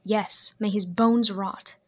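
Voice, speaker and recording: A woman's voice: medium pitch, fairly even intonation, slow, a little mellow. Woman voicing a bitter, short-tempered young man. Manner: curt, brooding, snapping. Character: proud, bitter young man, quick to anger. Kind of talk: audiobook character voice.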